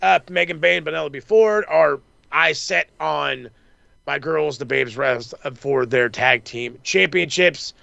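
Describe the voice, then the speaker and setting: A man's voice: on the high side, a little slow, gravelly, no room sound, highs cut off. A man hosting a casual wrestling recap chat, swearing freely and acting out what people said. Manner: profane, excitable, acts out quotes. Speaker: wrestling podcast host.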